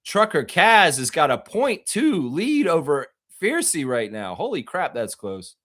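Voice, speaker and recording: A male podcast host talks casually and with energy, joking and reading viewer comments aloud. His voice is mid-pitched and dry, recorded close to the mic. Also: no room sound. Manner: animated, joking, chats with viewers. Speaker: host of a basketball podcast livestream. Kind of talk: casual live commentary and chat.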